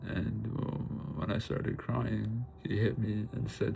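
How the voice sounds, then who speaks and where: A young man talking in a confessional vlog, tearful and halting, filling his pauses with "you know" and "bro". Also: lowish voice, little pitch movement, gravelly, darkish tone, a little hiss or hum, low-quality recording. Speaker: vlogger.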